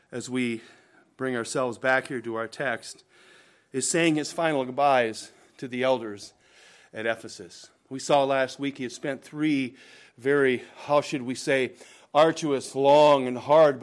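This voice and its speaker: A man delivering a sermon in a fairly high-pitched voice. He preaches emphatically, swelling in volume on key points and sinking low and soft as phrases close, often addressing his listeners as brethren. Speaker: pastor.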